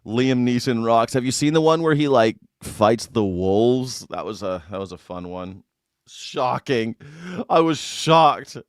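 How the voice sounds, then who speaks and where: A man talking through a live reaction stream in a loose, rambling way, cracking jokes and cursing as he goes. His voice sits at an ordinary middle pitch, and the sound is close and dry with no room around it. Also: measured pace, a little mellow, no echo. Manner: rambling, joking, swearing, breaks into put-on voices. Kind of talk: casual reaction commentary.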